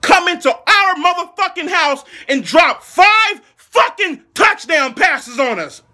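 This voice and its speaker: A man from Philadelphia rants as an outraged football fan in a high, piercing voice. He mocks and curses without pause and keeps erupting into shouts. The tone is bright and forceful throughout. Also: expressive. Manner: furious, mocking, heavy swearing, shouting bursts. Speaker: angry football fan ranting. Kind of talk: profane comedic sports rant.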